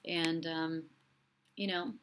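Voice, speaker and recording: A woman with a somewhat low voice hosts a live-stream commentary show. She speaks with an impassioned, repeating rhythm and stops now and then to read out viewer comments. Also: little pitch movement, slow, fairly bright tone, slight background noise. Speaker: host and relationship coach.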